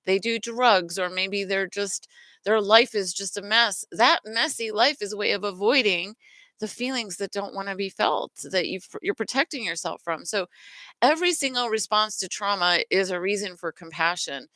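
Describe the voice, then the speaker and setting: A middle-aged woman hosts a self-worth lesson in a casual, earnest teaching style, frequently stopping to restart or correct herself. Her voice is medium-pitched, bright and forceful, delivered at a moderate pace. The recording has no echo.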